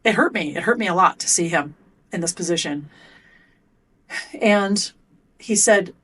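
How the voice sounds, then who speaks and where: A woman's voice: lowish voice, measured pace, pauses often, fairly bright tone. A middle-aged woman, a performance coach being interviewed on a podcast, telling stories in an emphatic, earnest way. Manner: emphatic, storytelling.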